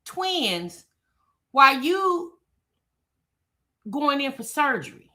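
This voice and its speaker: A woman hosting a gossip commentary show, sassy and animated, talking straight to her chat. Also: high-pitched, extremely slow.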